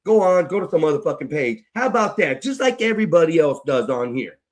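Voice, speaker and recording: A man's voice: a little high, very animated, fast. A grown man ranting on a livestream, profane and frustrated, repeating himself as he vents. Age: adult. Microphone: streaming mic.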